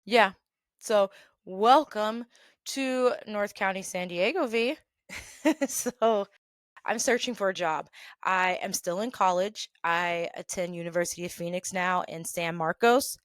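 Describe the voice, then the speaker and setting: A woman hosting her own show, telling stories about past jobs in a chatty, animated way, with quick asides along the way. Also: mid-range voice, smooth, no room sound, studio quality. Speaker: podcast host telling work stories. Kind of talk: casual storytelling.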